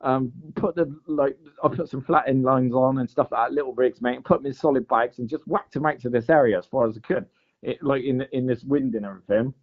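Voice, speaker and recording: A man's voice: mid-range voice, fairly quick. A man telling a long fishing story in casual chat, saying "mate" and "like" all the time. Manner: chatty, says "mate" and "like" constantly. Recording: dull lo-fi sound.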